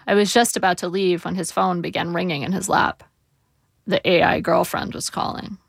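Gravelly woman reading her memoir. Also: lowish voice, steady tone, moderate pace. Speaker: memoir narrator. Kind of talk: audiobook memoir narration.

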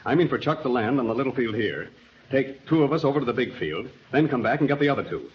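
A man playing a steady, heroic pilot in a 1930s radio drama, calm and assured. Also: medium pitch, fast, lightly acted. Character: steady heroic male pilot, Captain Midnight. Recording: lo-fi old radio recording.

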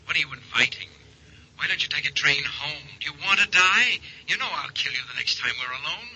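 A man's voice: a little high, lively intonation, brisk, bright, forceful tone, husky, full character voice, low-quality recording. An actor playing a tormented husband who fears he will kill his wife, speaking in a harsh, menacing, urgent way, 1940s radio acting style.

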